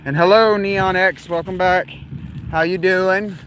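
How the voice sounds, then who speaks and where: A man with a fairly high voice rambles through a casual livestream, answering his chat as he walks outdoors at night. He talks into a handheld phone past parked cars, with faint noise behind him. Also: steady tone, unhurried, fairly bright tone. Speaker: livestream host.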